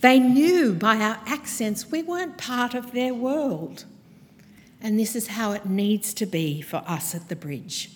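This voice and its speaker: Slow-speaking woman preacher in a church. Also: fairly high pitch, animated, a little hiss or hum. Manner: measured, earnest delivery with pointed pauses. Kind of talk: sermon. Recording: long hall reverb from a church.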